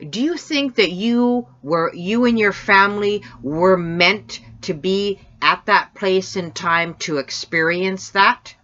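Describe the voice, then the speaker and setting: A woman host asking slow, halting interview questions. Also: mid-range voice, sharp tone. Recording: tinny distant phone line.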